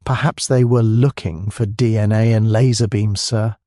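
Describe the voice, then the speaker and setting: An actor voicing a sly, mild-mannered village policeman who talks in a soft, syrupy drawl with a thick Scottish Highland accent. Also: steady tone, moderate pace, dry recording, clean studio sound, lightly acted.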